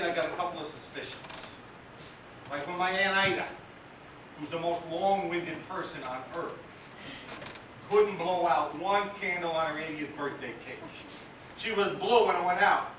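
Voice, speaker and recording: A man's voice: sits high, pushed and bright, a little hiss or hum. An actor playing a streetwise, kindly man who comforts a grieving kid, chatty and wry with street slang. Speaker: stage actor. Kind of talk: stage drama monologue. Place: theatre stage. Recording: echoey theatre from far off.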